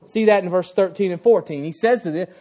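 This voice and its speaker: High-voiced man preaching a sermon. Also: fairly quick, a little mellow. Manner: emphatic, repeats key phrases; asks the congregation questions.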